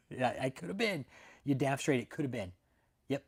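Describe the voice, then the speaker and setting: A man's voice: medium pitch, very animated, normal speed, long pauses, husky. A young adult man hosting a channel, telling a story to his viewers in a brash, profane, casual rant. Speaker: channel host.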